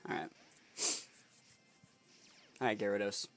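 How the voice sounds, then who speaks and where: Speaking slowly in a low-ish, creaky, slightly bright voice with fairly even intonation, a young competitive gamer and video creator thinks aloud mid-match over faint music. He works through his opponent's moves, muttering strategy, and sometimes explodes in frustration.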